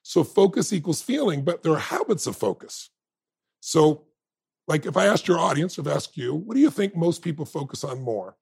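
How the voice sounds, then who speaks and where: Gravelly, husky man telling stories. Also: on the high side, moderate pace, no room sound. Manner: animated, emphatic storyteller. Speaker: guest. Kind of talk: storytelling interview talk.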